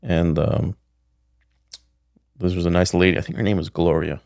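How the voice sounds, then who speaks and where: Podcast guest: a middle-aged man, low gravelly voice, a rambling storyteller. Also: steady tone, moderate pace, darkish tone, no echo, clean studio sound. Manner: rambling, with many restarts and "like". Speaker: podcast guest, pickle maker. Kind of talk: casual storytelling.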